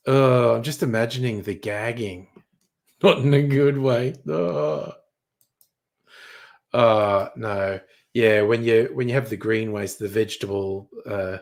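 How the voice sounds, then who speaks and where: A young man reading headlines in a casual chat, crude and sardonic, swearing freely. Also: on the low side. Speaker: streamer.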